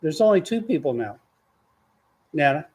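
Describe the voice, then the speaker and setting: A man's voice: on the high side, big pitch swings, moderate pace, darkish tone, slightly rough. An older man, rambling folksy stories to his grandchildren as host of a casual chat. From Texas.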